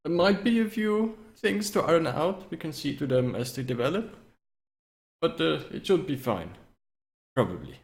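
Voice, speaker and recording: A man's voice: a little high, lively intonation, moderate pace. A man voicing a shady male necromancer who hedges every promise and drifts into a Russian-like accent during tabletop role-play. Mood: evasive. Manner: formal, hedging.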